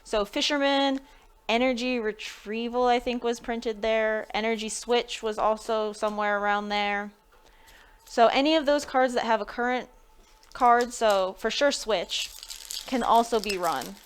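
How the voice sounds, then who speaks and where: A woman's voice: on the high side, measured pace, smooth. Chatty woman opening card packs on stream. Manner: chatty, thinking aloud, laughing between remarks. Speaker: live-stream pack opener. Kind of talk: casual live-stream chat.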